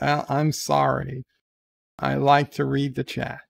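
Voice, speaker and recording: Gravelly-voiced man hosting a casual stream. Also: medium pitch, normal speed. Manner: jokey, deadpan, with frequent fillers. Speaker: livestream host. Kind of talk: casual livestream chat, reading viewer letters.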